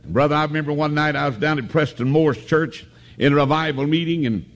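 A man's voice: on the high side, brisk. A middle-aged man preaching at a revival in a tabernacle, folksy and homespun, joking and calling for amens. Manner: folksy, homespun, with jokes and calls for amen. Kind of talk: sermon.

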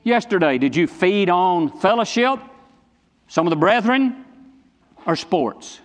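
A man preaches in a high, emphatic voice, driving his points home through repetition. His pitch swings between low, quiet passages and raised ones. The long reverb of a church sanctuary trails after each phrase. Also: animated, measured pace. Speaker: pastor. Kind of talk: sermon.

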